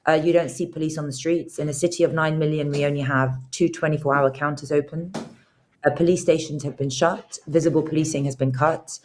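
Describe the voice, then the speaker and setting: A woman's voice: low voice, fairly even intonation, brisk, a little mellow, a little hiss or hum. A woman, a senior prosecutor from Britain, speaking as a guest in a political interview over a video call, emphatic and repeating phrases as she builds her points.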